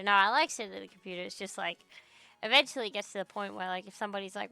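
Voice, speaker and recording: Gravelly woman ranting on stream. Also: mid-range voice, fast talker, pushed and bright, soft background music. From Australia. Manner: rambling, profane, ranting. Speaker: VTuber streamer. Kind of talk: casual livestream chat. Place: home computer desk.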